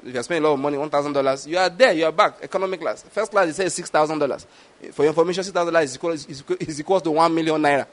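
A man preaches in a notably high voice. His sermon delivery is animated, and he keeps asking whether his listeners get his point. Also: very fast.

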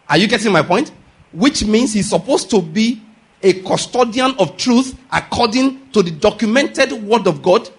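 A male pastor preaching with a high-pitched, husky voice. He drives his points home by firing questions at the congregation and repeating key lines. The delivery is insistent and emphatic. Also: animated, normal speed. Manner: emphatic, drills points with call-and-response questions. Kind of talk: sermon.

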